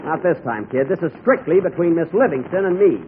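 A man's voice: on the high side, expressive, brisk, a little hiss or hum. A man hosting a scripted radio comedy show, trading sarcastic, exasperated put-downs with his cast on a tinny old broadcast.

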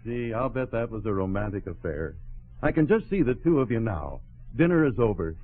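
A man's voice: lowish voice, very animated, fairly quick, husky. A man with a breezy, joking manner, acting in a 1940s radio comedy. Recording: tinny old radio broadcast with audience.

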